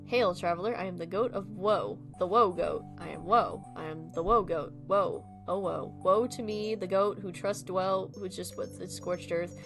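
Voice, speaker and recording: A woman's voice: on the low side, moderate pace, hardly any pauses, a bit bright, faint music behind. A woman voicing a mournful, melodramatic goat who speaks in grand, old-fashioned laments. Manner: archaic, theatrical wailing delivery.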